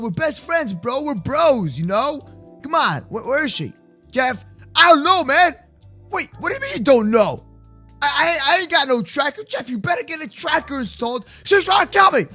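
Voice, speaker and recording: A man talking excitedly and loudly with lots of slang while roleplaying through a video game. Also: extremely high pitch, moderate pace, soft background music. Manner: excitable, loud, slangy, often exclaiming. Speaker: YouTube gamer roleplaying in Minecraft. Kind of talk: energetic gaming roleplay chat.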